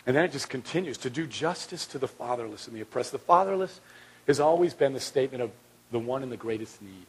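A man preaching with a husky, slightly breathy voice. He is earnest and moves between loud stretches and hushed ones, often repeating a word as he restarts a thought. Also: medium pitch, expressive, brisk, rough recording. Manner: repeats words when restarting. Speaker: pastor. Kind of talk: sermon.

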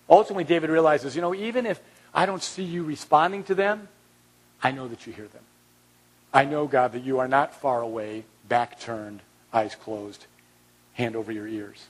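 A man preaching a sermon as pastor, earnest, swinging from loud to hushed and repeating words as he restarts. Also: mid-range voice, breathy edge, rough recording.

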